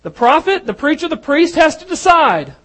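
A preacher delivering an emphatic sermon, moving between loud stresses and hushed lines. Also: high-pitched, very animated, moderate pace, low-quality recording.

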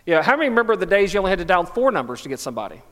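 A middle-aged man preaching a sermon, with a fairly high voice. He tells stories with self-deprecating humor. His voice carries a long reverb through the church sanctuary. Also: sing-song, rapid-fire, a bit bright. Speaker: pastor.

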